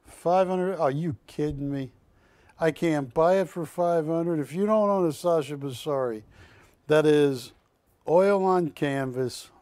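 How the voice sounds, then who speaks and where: A man's voice: a little high, a little slow, darkish tone, dry recording. A man hosting a live shopping-channel art auction, calling bids with joking, teasing banter from a TV studio.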